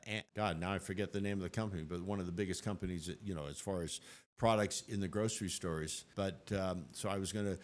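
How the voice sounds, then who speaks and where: An older man recounts his story on an interview show in a low-pitched voice. He's animated, voicing the people in it as he goes.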